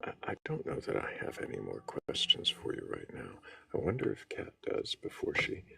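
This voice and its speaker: A man hosting a live talk show in a gracious, measured way. His voice is extremely deep and heavily gravelly, with a wide, lively melody. He sounds distant from the mic. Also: no room sound. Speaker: host.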